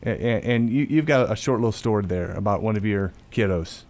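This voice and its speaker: A man hosting a faith talk show, telling a family story in a casual, halting way, often repeating words and going quiet when he quotes himself. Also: lowish voice.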